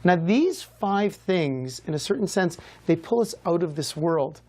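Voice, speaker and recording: A man, a rabbi hosting a TV show, answering viewers' questions in a lively, conversational teaching style. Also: fairly high pitch, measured pace. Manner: lively, conversational, varies pace a lot.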